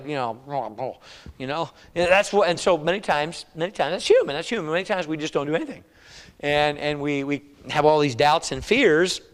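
A pastor delivers a sermon in a conversational, storytelling way, his voice sitting a little high for a man. He acts out the doubts of his listeners in quick voiced asides. The sound carries a long reverb from a church sanctuary. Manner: conversational preaching with acted-out quotes.

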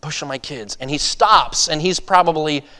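A man preaching a sermon in a slightly high voice. He pushes up loud and urgent when he exhorts, then drops to a quiet, confessional tone when he tells his own stories. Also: normal speed, big-room sound. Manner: impassioned, rising in pitch and volume to urge. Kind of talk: sermon with personal storytelling.

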